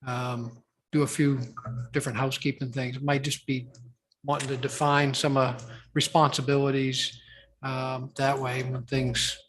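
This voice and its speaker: A man speaking at a town board meeting as a department head, halting and full of fillers and restarts. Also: medium pitch, flat delivery, fairly bright tone. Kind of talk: public meeting discussion.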